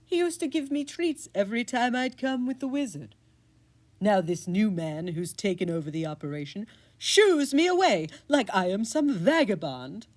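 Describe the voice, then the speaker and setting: A woman's voice: medium pitch, lively intonation, moderate pace, a little mellow, natural voice. A woman voicing an indignant, vengeful male talking cat who talks in a huffy, dramatic way.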